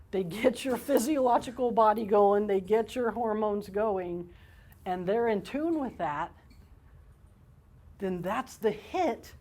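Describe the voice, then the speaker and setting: A woman counselor leads a parenting workshop at an unhurried, measured pace. She talks conversationally and keeps checking in with her listeners. Her voice sits at an ordinary middle pitch. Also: a little mellow. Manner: conversational, frequent "okay?" check-ins.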